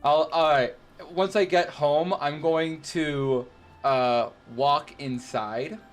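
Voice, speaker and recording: A man's voice: fairly high pitch, fairly even intonation, slow pace, soft background music. Man, a stammering tabletop player. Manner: hesitant, stammering descriptions of actions. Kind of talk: casual play at a tabletop game.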